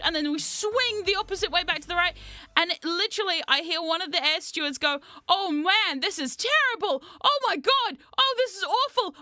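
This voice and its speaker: High, bright-voiced chatty woman streamer. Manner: chatty, swears freely, frequent laughter. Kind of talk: casual storytelling chat.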